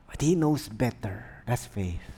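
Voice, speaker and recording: Lively Filipino pastor preaching. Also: male voice, mid-range voice, unhurried, breathy edge. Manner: animated, humorous storytelling mixing English and Tagalog. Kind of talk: sermon.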